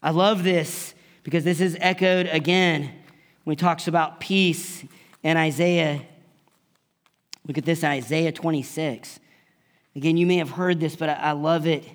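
A middle-aged male pastor preaching a sermon in a fairly high voice. He tells a personal story in a conversational way, climbing into loud, emphatic peaks and then falling to a near whisper. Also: steady tone, unhurried.

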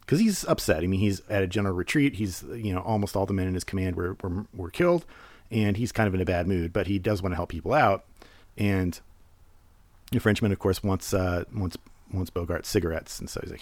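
A man's voice: deep voice, normal speed, no room sound. A man hosting a podcast, talking through a film in casual solo commentary, rambling with many fillers and restarts. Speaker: podcast host.

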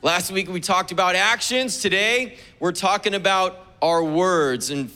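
A man preaching a Sunday sermon to his church, relaxed and joking with the congregation. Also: high-pitched, measured pace. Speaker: pastor. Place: church service.

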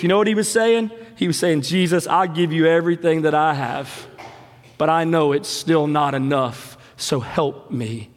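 Man preaching, high voice, hall echo. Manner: impassioned preaching with dramatic pauses and soft drops. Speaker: pastor. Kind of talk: sermon. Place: church sanctuary.

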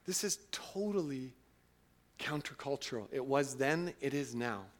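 A man preaching a sermon, moving from loud, emphatic passages to quiet, reflective ones, sometimes acting out a listener's doubts. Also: mid-range voice, animated. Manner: acts out listeners' doubts in a casual, halting voice. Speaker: pastor.

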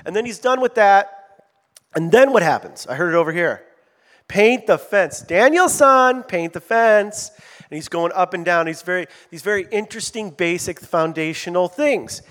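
Lively conversational male pastor, fairly high voice. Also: fairly quick. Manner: lively, conversational preaching with asides to the congregation. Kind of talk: sermon.

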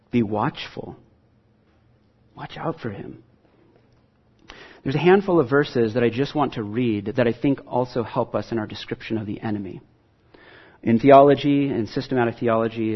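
A man's voice: mid-range voice, breathy edge. A man preaching a sermon as pastor, in a conversational storytelling way with fillers. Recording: dull lo-fi recording.

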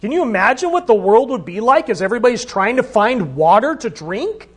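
A man's voice: extremely high pitch, very animated, fairly quick, slightly rough. A man preaching a sermon, talking in a conversational way and asking the listeners questions. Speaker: pastor.

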